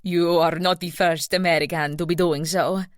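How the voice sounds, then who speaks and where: A woman's voice: on the low side, fairly even intonation, normal speed, no room sound, clean studio sound, lightly acted. A woman putting on a helpful Italian villager. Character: middle-aged Italian woman on a bicycle, helpful.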